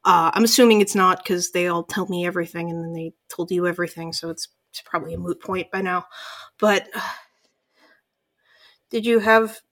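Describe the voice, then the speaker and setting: A woman game master plays a frazzled woman official who has not slept in a week. She stammers, her higher voice cracks with tears, and her words keep breaking apart as she talks. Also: fairly quick, bright, forceful tone. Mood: drained, contrite. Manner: stammering, broken by sobs. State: crying. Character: exhausted, sleepless woman town official, weepy.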